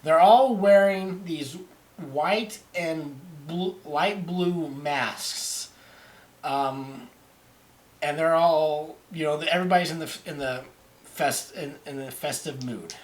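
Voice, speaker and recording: Halting man running a tabletop game. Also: fairly high pitch. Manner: halting, many restarts and fillers. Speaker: game master. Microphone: online voice chat.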